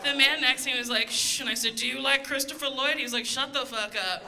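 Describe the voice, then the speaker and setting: A woman in her thirties works a live stand-up set, her high voice rising loud as she tells her story and slips into put-on voices. A noisy room sits behind the stage mic. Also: fairly even intonation, quick pace, creaky. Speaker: stand-up comedian. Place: comedy stage before a live audience.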